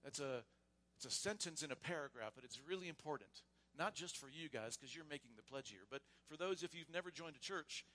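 A man serving as pastor, leading a church membership service in a loose, casual way and then reading vows and creed in a measured voice. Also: a little high, expressive. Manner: casual and warm, with frequent restarts; reads liturgy aloud in a measured voice. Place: church sanctuary.

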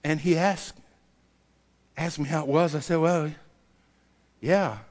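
A man preaching a sermon, telling a personal story and acting out the dialogue with lively variation. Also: on the high side, slow. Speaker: pastor. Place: church sanctuary. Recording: long hall reverb.

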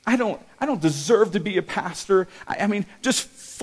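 A middle-aged man, a pastor, telling a personal testimony in a sermon, emotional and halting with many restarts. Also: high voice, breathy edge.

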